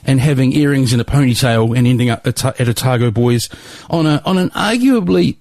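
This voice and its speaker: A male podcast host talks through an episode recap at a middling pitch, rambling and hesitant, with plenty of fillers. The sound is close and dry with no room echo. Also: animated, a little fast, darkish tone. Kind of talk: solo podcast outro.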